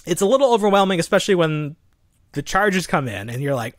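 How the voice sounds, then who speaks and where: A man's voice: sits high, very animated, fast talker, no room sound. A man co-hosting a casual podcast, rambling and laughing often as he chats. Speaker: podcast co-host.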